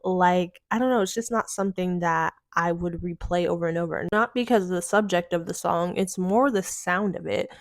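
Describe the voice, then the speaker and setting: Woman, slight retainer lisp, casual album review, dry sound, lower voice. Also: normal speed, few pauses, dry recording. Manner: chatty, many fillers like "like" and "um". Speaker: music reviewer.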